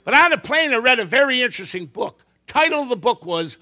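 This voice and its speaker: Male stand-up comic, high and lively, joke-telling with quick character voices. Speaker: comedian and magician. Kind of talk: stand-up comedy routine. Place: live show before an audience.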